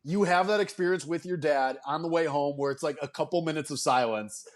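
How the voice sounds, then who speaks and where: A man's voice: on the high side, brisk. A man co-hosting a casual sports-betting podcast, joking and teasing his partner. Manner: teasing, jokey banter. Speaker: podcast co-host.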